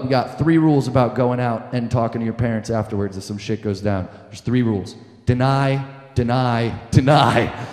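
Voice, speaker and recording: A young man telling a profane comic story on stage, animated and breaking into shouted quotes. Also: medium pitch. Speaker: comedian. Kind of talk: live stand-up storytelling. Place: lounge stage with live audience. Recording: echoey room with long reverb.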